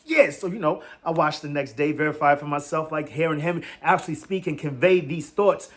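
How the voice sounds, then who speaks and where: A man hosting a fan commentary show, rambling in animated slang and laughing often. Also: on the high side, a little fast. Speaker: sports fan show host. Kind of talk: casual fan commentary vlog.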